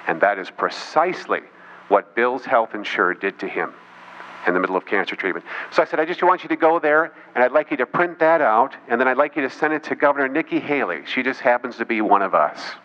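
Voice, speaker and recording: Slightly fast and sharp in tone, a medium-pitched man speaks to an audience as a political speaker. His story features mocking asides and voices he quotes, and the recording is dull and lo-fi with faint noise.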